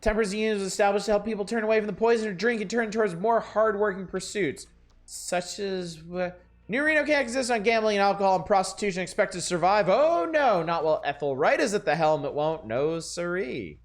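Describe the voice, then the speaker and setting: A man's voice: sits high, lively intonation, a little fast, soft background music, pitched above the performer's own voice. A man voicing a prim, preachy older temperance lady with a sugary, condescending manner while reading game dialogue aloud.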